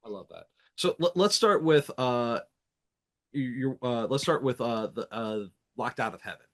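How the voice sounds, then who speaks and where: An excitable male podcast host whose voice swoops widely up and down as he reacts. He laughs often and wanders through his questions. His tone is casual and eager. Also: medium pitch, normal speed.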